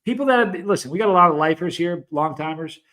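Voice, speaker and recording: A man's voice: on the high side, animated, fast, pushed and bright. A middle-aged man hosting a hot sauce live stream, chatting casually with viewers and telling long, rambling stories full of asides. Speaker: hot sauce show host.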